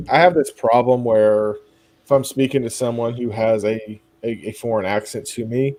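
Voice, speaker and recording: Midwestern man, stream host, relaxed and laughing a lot, average pitch. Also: normal speed, no room sound. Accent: American Midwestern. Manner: relaxed, laughs often, many restarts. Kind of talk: casual chat.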